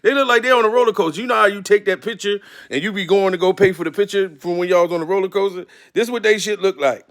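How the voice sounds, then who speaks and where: A man giving casual, joking reaction commentary on a clip, animated and emotional. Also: sits high, fast talker, few pauses.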